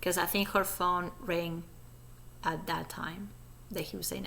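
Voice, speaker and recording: A woman with a low, gravelly voice chats through gossipy commentary. Her tone stays casual, and a faint hiss runs underneath. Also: level tone, a little slow, a bit bright. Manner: chatty, gossipy asides. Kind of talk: casual commentary over a played recording.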